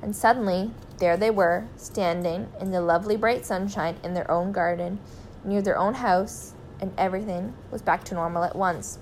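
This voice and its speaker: A woman reading a children's story aloud in a clear, expressive way. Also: mid-range voice, normal speed, slight background noise, rough recording.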